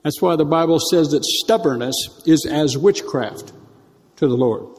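A man with a fairly high voice delivers a sermon in a church, with teasing asides to the congregation. He slows down and draws out words for emphasis. His voice rings out with a long reverb from the hall. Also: darkish tone. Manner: conversational preaching with teasing asides and drawn-out emphasis. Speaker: pastor.

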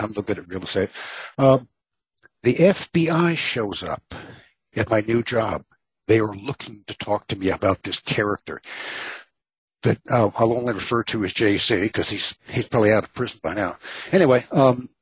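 A man's voice: lowish voice, breathy edge, dry recording, lo-fi sound. A man from Texas, an author telling stories in an interview, rambling with many fillers and restarts. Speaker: author guest. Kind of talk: casual storytelling interview.

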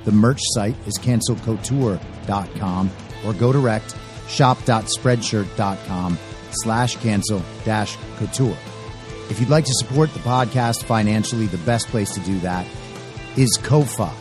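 Over music, a podcast host talks politics in an unhurried, fairly low-pitched voice. Close to the mic, he delivers blunt, emphatic, opinionated commentary.

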